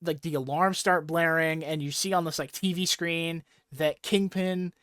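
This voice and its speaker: A man in a podcast chat, talking somewhat high and loose as he recaps a comic, full of fillers and swearing. His voice is close and dry, with no room sound around it. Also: fairly even intonation, normal speed, fairly bright tone, clear, resonant tone, no room sound. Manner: rambling, profane, filler-heavy storytelling. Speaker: podcast co-host. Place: podcast recording setup. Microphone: podcast microphone.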